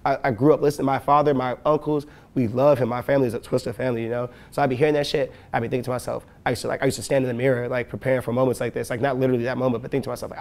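Late-20s man, quick delivery, casual interview talk with lots of "like" and laughs. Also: medium pitch, level tone. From west side of Chicago. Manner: loose, profane, laughing often, full of "like" and "you know". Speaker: rapper and producer, interview guest.

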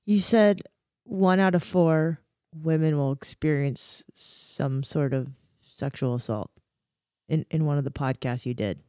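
Low-voiced female podcast host, dry sound. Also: a little slow, dark tone, dry recording. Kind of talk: interview conversation.

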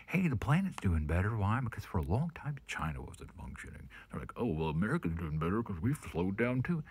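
A man with a low, husky voice rants to camera in a heated, profane vlog. His pitch swings widely, and he keeps sinking into a hushed half-whisper. The sound is close and dry. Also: no room sound. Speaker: vlogger. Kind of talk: casual profane rant to camera.

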